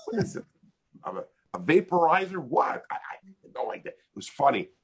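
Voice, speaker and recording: An older American man with a husky, slightly raised voice tells a story on a video call. His pitch leaps around as he laughs and builds the joke, casual and animated throughout. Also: moderate pace. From United States. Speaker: interview guest, hypnotist.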